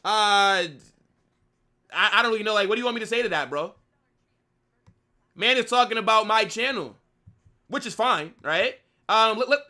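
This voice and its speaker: Animated young man mocking his live chat. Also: high-pitched, moderate pace, pauses often. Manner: combative banter, mocking chat commenters. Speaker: streamer hosting a football watch-along.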